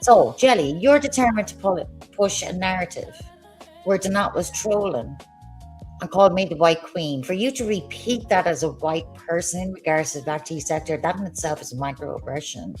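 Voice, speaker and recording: A woman's voice: on the low side, animated, moderate pace, a little mellow, faint music behind. A woman ranting on a livestream in a combative, sarcastic way, swearing as she talks. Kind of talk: heated livestream rant.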